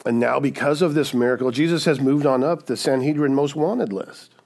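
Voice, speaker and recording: A man's voice: mid-range voice, fairly quick, a little mellow. A man preaching a sermon in a conversational, emphatic way, often checking in with the listeners. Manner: conversational, emphatic, with frequent "right?" asides. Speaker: pastor.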